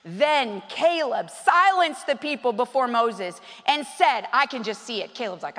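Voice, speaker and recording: A woman preacher giving an animated, conversational sermon and putting questions to her congregation. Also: high voice, measured pace. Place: church hall. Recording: long hall reverb.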